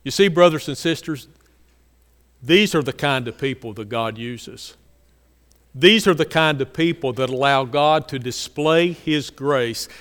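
Earnest preacher in a reverberant hall. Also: male voice, measured pace. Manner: earnest preaching, repetitive emphasis, drops to soft low lines. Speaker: pastor. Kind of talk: sermon.

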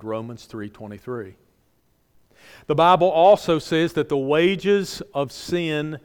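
A man preaching a sermon to his congregation in earnest tones, repeating phrases for emphasis and dropping soft and low at the ends of lines. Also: clean tone. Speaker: pastor. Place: church sanctuary. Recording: long hall reverb.

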